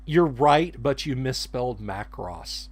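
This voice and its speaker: A man co-hosting a casual chat, halting and restarting as he searches for words. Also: mid-range voice, expressive. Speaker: co-host.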